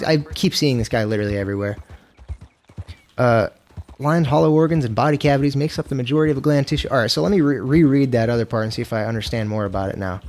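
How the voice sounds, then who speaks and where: A man's voice: medium pitch, darkish tone. A man streaming a western game, chatting casually in loose, profane, self-mocking talk. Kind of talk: casual gameplay commentary.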